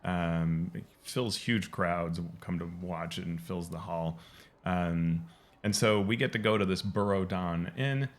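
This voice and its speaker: Low, gravelly man narrating gameplay. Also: unhurried. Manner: rambling, full of ums and restarts, explanatory. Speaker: game lore video host. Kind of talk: casual gameplay commentary.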